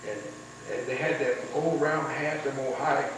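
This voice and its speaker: A man's voice: medium pitch, fairly even intonation, normal speed. An older veteran man tells rambling wartime stories, repeating words and acting out what others said. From United States. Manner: rambling storyteller, repeats words, acts out quotes. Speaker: veteran interviewee. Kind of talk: oral history recollection. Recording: echoey room, distant mic, faint noise.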